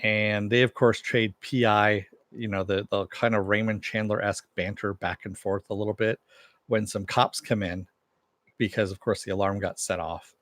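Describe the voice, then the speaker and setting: A man with a somewhat low voice talks through a TV episode in a loose, chatty recap. He leans on filler phrases and drops the odd curse word. His voice is recorded dry and close. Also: level tone, moderate pace, a bit bright, no room sound. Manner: loose and conversational, with frequent "you know" and casual swearing. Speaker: TV episode reviewer. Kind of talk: casual spoken recap and review.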